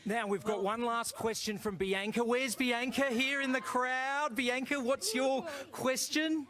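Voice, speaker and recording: Man, TV host, high voice, brisk upbeat delivery. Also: steady tone, fairly bright tone. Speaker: TV interview host. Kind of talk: TV interview.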